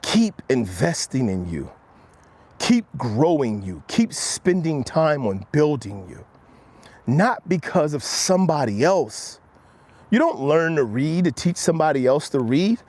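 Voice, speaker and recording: A man delivers an earnest pep talk while out on a walk, streaming live to his viewers. His pitch swings widely and sits a bit above the usual male range. He coaches steadily, and his voice drops low and quiet when he quotes himself. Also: sing-song, unhurried. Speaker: motivational live-stream host. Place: outdoors on a walk.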